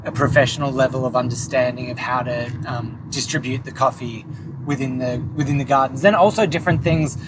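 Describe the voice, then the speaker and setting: Aussie bloke chatting away in a car, lively, road noise loud behind. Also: male voice, medium pitch, brisk. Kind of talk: casual chat in a car. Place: inside a moving car.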